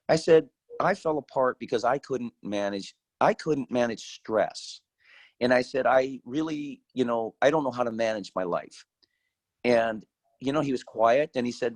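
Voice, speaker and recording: A man's voice: medium pitch, normal speed, no echo, low-quality recording. An older man, a guest speaker, telling his life story in a candid, folksy way. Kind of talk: personal storytelling.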